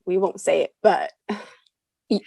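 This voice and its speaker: A woman's voice: fairly low pitch, steady tone, unhurried, vocal fry, warm tone, no echo. Chatty woman podcast co-host, dry sound. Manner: chatty, frequent agreeing murmurs and laughs. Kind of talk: casual book review chat.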